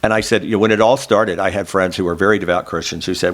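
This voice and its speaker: Middle-aged guy from oklahoma, lowish voice, earnest storyteller w/ self-deprecating jokes. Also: steady tone, fast, hardly any pauses, a bit bright. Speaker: interview guest, former state senator. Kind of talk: reflective oral history storytelling.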